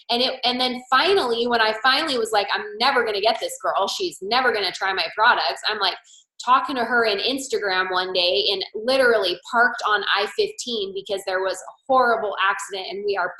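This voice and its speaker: A woman's voice: medium pitch, moderate pace, sharp tone, reverberant, poor audio. A woman leading a sales team call, telling stories in a chatty coaching style and acting out quoted dialogue. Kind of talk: motivational sales coaching talk.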